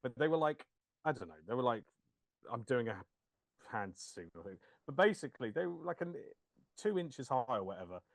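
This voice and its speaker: Animated podcast host. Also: male voice, medium pitch, brisk, gravelly, dry recording. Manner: animated, jokey storyteller. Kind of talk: casual chat.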